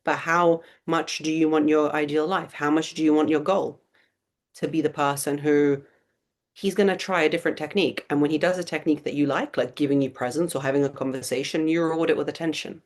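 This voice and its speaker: A woman's voice: low-pitched, steady tone, a little fast. A woman in her thirties hosting a live webinar Q&A, answering viewer questions with blunt, emphatic advice and lots of rhetorical questions.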